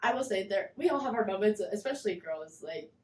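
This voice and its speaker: A young woman with a lilt tells stories in an easy, rambling chat, with "like" in nearly every line. Her voice sits at a middle pitch. The room adds a noticeable echo. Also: brisk. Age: young adult. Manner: animated storytelling, acts out kids' voices, many fillers. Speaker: guest, former mascot performer. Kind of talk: casual chat.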